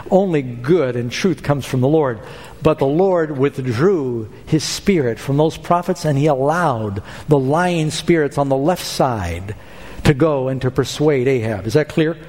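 A man's voice: mid-range voice, a little mellow, in a large hall. A male pastor preaching a sermon, explaining a scripture passage and acting out the lines of the people in it. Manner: expository preaching, acting out quoted speech.

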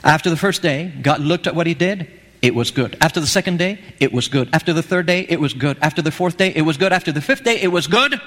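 A man's voice: on the high side, expressive, fast, a bit bright, long reverb tail. A man preaching a sermon, telling a story with animation and acting out the lines he quotes.

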